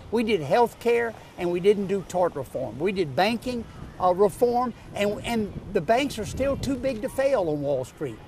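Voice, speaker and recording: A man in his sixties with a Louisiana Southern accent, a political candidate giving an emphatic campaign pitch in an interview, driving home his points with repeated lists. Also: noisy background. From North Louisiana, USA. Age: 60s. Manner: emphatic, repetitive rhetorical lists.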